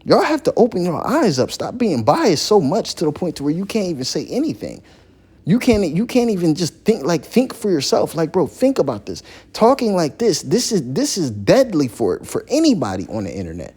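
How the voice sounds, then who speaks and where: A man on his own channel delivering an impassioned opinion vlog, repeating phrases and climbing high when heated. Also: wildly swooping pitch, normal speed, a little mellow, husky. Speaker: YouTuber.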